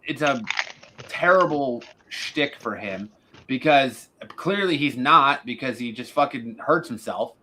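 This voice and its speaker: A man's voice: medium pitch, animated, unhurried, bright, forceful tone, rough recording. A man hosting a casual wrestling podcast, blunt and opinionated, swearing now and then. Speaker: podcast host.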